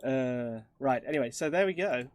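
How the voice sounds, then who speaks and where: A man's voice: medium pitch, moderate pace. A man streaming casually while working in a 3D program, often muttering to himself and trailing off with self-mocking asides. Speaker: streamer co-host.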